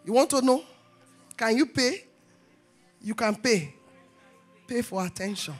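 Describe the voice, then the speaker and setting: A woman pastor, preaching a sermon in call-and-response style and rising to shouts. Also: on the high side, animated, measured pace, faint music behind.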